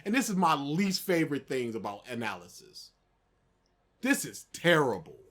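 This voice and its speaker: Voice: medium pitch, sing-song, moderate pace, fairly bright tone. A podcast co-host in casual chat, emphatic and exasperated while critiquing. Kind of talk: casual chat reacting to a video.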